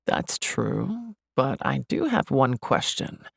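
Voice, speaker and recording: Gentle young man with a gruff low voice, as a female narrator puts him on, kind and caring. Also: sing-song, slow, dry recording, clean studio sound, exaggerated voice. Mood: warm. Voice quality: low and gravelly.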